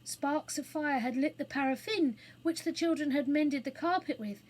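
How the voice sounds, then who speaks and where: A woman reading a children's book aloud as storyteller, in a clear, expressive manner. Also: sits high, moderate pace, a little hiss or hum, poor audio.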